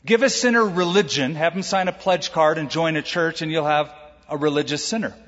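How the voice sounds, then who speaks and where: A man pastor preaching a sermon, lively, acting out quoted voices with humor. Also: on the high side, fairly quick. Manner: animated, acts out quoted voices with jokes. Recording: echoey hall, dull lo-fi sound.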